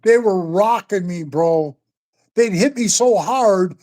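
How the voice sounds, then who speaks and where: Tall tales pour out of an older guest in his sixties during relaxed storytelling, profane and animated, with "bro" and "man" in nearly every breath. He speaks slowly, in a voice that sits high.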